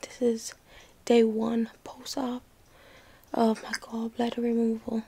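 A woman's voice: on the high side, monotone, moderate pace, mellow, slight background noise. A young woman in pain after surgery, whispering a late-night vlog into her phone in her living room, weary, sighing and out of breath. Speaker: vlogger.

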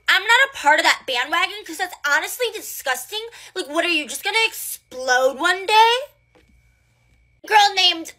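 Woman doing a bossy preteen mean girl, high, bright, condescending, skit comedy. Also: exaggerated voice. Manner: snippy, condescending, valley-girl filler "like".

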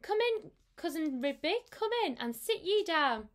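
A tearful, anxious mother cat from a storybook, as a woman puts her on, her words slow and plaintive. She sounds a little higher than the reader's own voice. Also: very animated. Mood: fretful.

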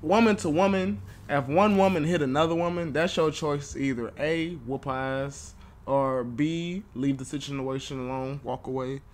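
A man's voice: a little high, moderate pace, a little hiss or hum. Joking young man reaction host. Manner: joking, blunt and profane. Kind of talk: casual reaction commentary.

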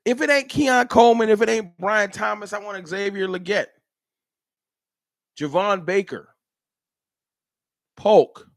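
A man hosting a casual fan livestream, talking in an animated, slangy way and answering his chat by name. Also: sits high, a little slow, pauses often, dry recording, studio quality. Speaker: livestream host. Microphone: streaming setup.

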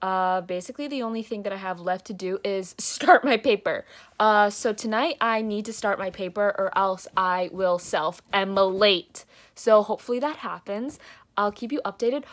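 A woman's voice: mid-range voice, normal speed. A young woman student recording a casual daily video diary, chatty and self-deprecating, often laughing at herself. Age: young adult. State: isolating with coronavirus, no symptoms. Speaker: student vlogger.

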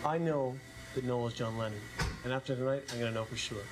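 A man's voice: medium pitch, steady tone, quick pace, lightly acted, low-quality recording. An actor playing a dogged young man who insists on uncovering a secret, asking pointed questions. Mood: insistent. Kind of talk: film acting.

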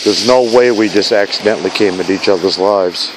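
Outdoors on a snowy night in a park, with background noise around him, a man speaks a little fast in a low voice. The vlogger is recording an earnest, pleading video for his fiancée, full of repeated vow-like lines.

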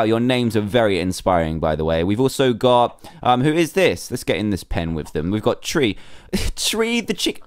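Young male gaming host, bantering and playful, mid-pitched voice, dry close mic. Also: smooth, dry recording. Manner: playful, teasing, bursts of high-pitched mock outrage. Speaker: gaming YouTuber. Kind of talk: Minecraft mod showcase commentary.

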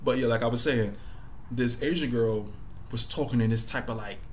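A man's voice: medium pitch, moderate pace. Guy just chatting his thoughts, lots of likes and you knows, bit of hiss in the background. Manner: conversational, loose, thinking aloud with many fillers. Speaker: commentary host. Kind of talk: casual commentary.

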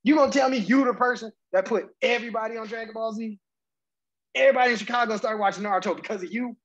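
A man's voice: sits high, fast, a bit bright, muffled recording. A man co-hosting a podcast, ranting heatedly and profanely in casual chat. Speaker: podcast co-host.

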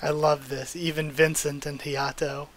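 A channel host, a young man, reads a comic aloud and stops often to react. His voice is fairly high for a man, and he speaks in an unhurried but animated, openly emotional way.

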